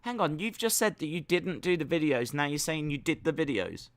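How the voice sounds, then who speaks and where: A man's voice: a little high, sing-song. A British man co-hosting a podcast, chatting casually and teasing his co-host with disbelief. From Britain. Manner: incredulous, teasing, quick to laugh.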